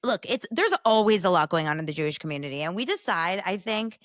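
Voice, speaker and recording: Teasing woman podcast co-host, low voice. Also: lively intonation, fast talker, no echo, clean studio sound. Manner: teasing, laughs often. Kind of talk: casual podcast chat.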